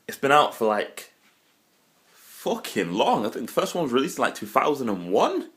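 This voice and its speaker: A young man giving a casual, rambling film review, animated and full of swearing. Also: medium pitch, moderate pace. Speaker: vlogger reviewing films.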